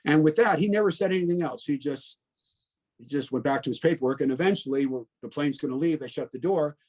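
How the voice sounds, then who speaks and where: A man's voice: on the high side, quick pace, darkish tone. Blunt older man telling his story. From Connecticut, USA. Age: 70s. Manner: plainspoken, blunt, reflective, with many "um"s and "you know"s; tells the story in the present tense. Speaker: veteran interviewee. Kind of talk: oral history storytelling.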